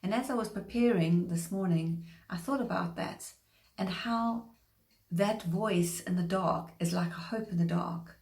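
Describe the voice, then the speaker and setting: A woman giving a short devotional sermon, earnest and measured, slowing down to stress scripture. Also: lowish voice, a little mellow. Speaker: preacher. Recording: echoey room.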